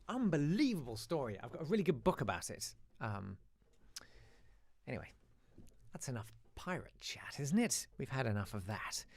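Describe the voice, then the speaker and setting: A British man hosting a casual live podcast, telling animated stories and reading listener emails. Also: mid-range voice, normal speed, dry recording. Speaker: host.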